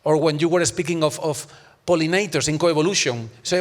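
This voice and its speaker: A man's voice: on the high side, a little fast, in a large hall. A man in an academic panel discussion, arguing emphatically and using many rhetorical questions.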